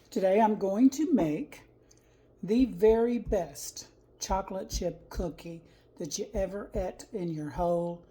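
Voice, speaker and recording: A woman's voice: medium pitch, expressive, slow, dark tone, rough recording. A woman hosting a casual cooking video from her home kitchen, talking in a sassy, playful way with jokey asides.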